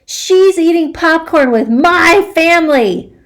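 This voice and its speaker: A woman reading aloud voices an excitable little girl who speaks high, loud and emphatically. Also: a little slow. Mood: outraged.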